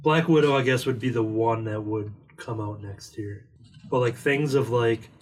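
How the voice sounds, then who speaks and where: A man's voice: mid-range voice, normal speed. A man chatting casually about movies on a podcast, rambling with lots of "like" fillers. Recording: distant mic with faint noise.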